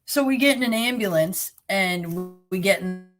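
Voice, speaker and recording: A woman's voice: mid-range voice, normal speed, soft background music. Blunt, sarcastic Jersey woman storyteller. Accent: New Jersey. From New Jersey. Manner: blunt, sarcastic, plain-spoken. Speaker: guest. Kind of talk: personal storytelling.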